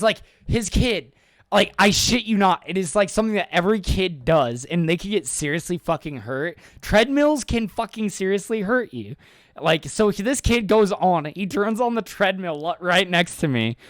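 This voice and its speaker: A man's voice: high voice, no echo, studio quality. A young man co-hosting a casual podcast, swearing often and acting out quotes as he tells stories. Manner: profane, animated storytelling with loud acted-out quotes. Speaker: podcast co-host. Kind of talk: casual chat.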